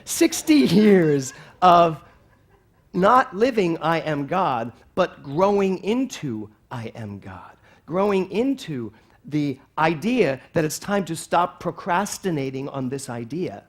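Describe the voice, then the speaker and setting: A man in his sixties preaching a sermon as a minister in a church, animated, swinging from soft passages to loud exclamations. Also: fairly high pitch, takes it slowly. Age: 60s.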